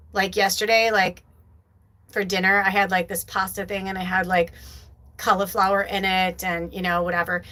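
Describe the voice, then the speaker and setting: A woman hosts a spiritual livestream in an easy, unscripted way. Her talk wanders and loops back, packed with fillers and earnest, heartfelt asides to her listeners. Her voice sits at an ordinary middle pitch for a woman. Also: bright, forceful tone, low-quality recording. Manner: rambling, filler-heavy, heartfelt. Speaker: spiritual medium hosting a livestream. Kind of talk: casual live-stream chat.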